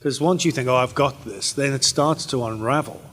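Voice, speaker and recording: A man's voice: medium pitch, brisk. A British man answers fan questions at a convention panel, loose and rambling, often restarting his sentences. His voice sits in the middle range. The sound carries the long reverb of a large convention hall. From Britain. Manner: relaxed, rambling, with many fillers and restarts. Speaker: actor and panel guest.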